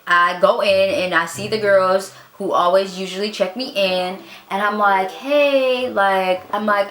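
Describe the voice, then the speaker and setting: A woman's voice: lowish voice, echoey room. A young woman chatting casually as she tells her birth story, full of "like" and "girl", acting out what other people said. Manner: animated, acts out the voices of others in quotes.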